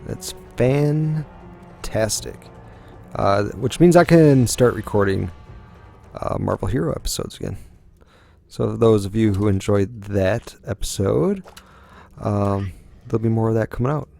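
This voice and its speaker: Young male let's-play host, low gravelly voice, unhurried, rambling gaming commentary full of ums. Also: animated, a little mellow, faint music behind. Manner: rambling, musing aloud with frequent ums.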